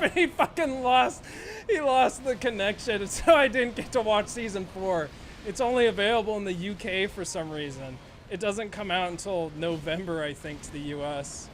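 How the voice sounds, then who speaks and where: A man's voice: high voice, a bit bright, slight background noise. A young man streaming a game, chatting in a rambling, profane way and laughing often. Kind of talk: casual gameplay chat.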